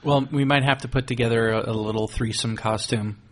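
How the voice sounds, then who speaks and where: A man's voice: mid-range voice, steady tone, a little fast. A man co-hosting a podcast in casual chat, playful and jokey in his banter. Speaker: podcast co-host.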